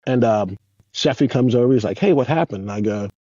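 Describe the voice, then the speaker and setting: A man in his fifties tells rambling, foul-mouthed stories, his voice jumping up and down with animated energy. His tone is husky and mellow. The dry sound is slightly dull and lo-fi. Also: mid-range voice, fairly quick, no echo. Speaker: guest, former pro skateboarder. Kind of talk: casual storytelling.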